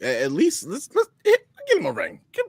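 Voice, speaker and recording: A man chatting about wrestling, halting and repeating phrases when he gets going. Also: extremely high pitch, dry recording. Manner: halting, repeats himself, excitable. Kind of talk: casual wrestling review chat.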